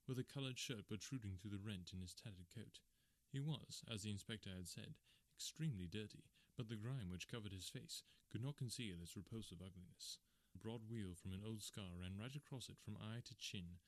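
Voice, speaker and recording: A man in audiobook narration, reading in a measured storytelling manner. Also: lowish voice, dry recording.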